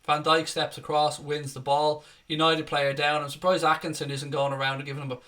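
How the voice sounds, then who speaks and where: Sharp-voiced, sweary football fan commentating. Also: male voice, a little high, a little fast. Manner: sweary, excitable play-by-play with angry rants. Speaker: fan watchalong host. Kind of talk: live fan match commentary.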